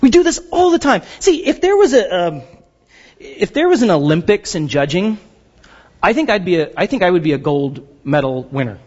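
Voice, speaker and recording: A male pastor preaching with a high, very lively voice that jumps all over the place. He jokes with the congregation and acts out little quoted voices. The recording sounds dull and lo-fi. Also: moderate pace, breathy edge, in a large hall. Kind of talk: sermon.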